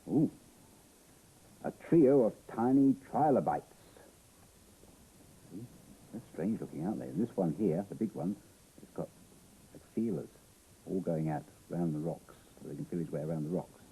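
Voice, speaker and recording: A middle-aged Australian man, a children's TV presenter, reading a picture book aloud to young children in a playful, animated way with gasps and exclamations. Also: deep voice, a little fast, gravelly, slight background noise, low-quality recording.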